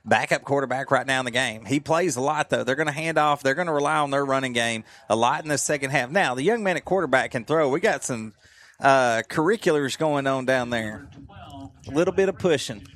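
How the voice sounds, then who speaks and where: A man doing live radio play-by-play of a high school football game. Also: dry recording. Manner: steady, brisk play-by-play calling. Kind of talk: live radio sports broadcast. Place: radio broadcast booth at a stadium.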